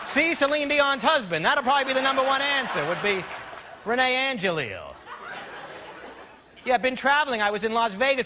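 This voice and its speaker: An American man telling stand-up jokes in a wry, offhand way, pausing for punchlines on a TV studio stage. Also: very high-pitched. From United States. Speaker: stand-up comedian. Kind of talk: stand-up routine. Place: TV studio stage before a live audience. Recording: loud studio audience laughter and noise.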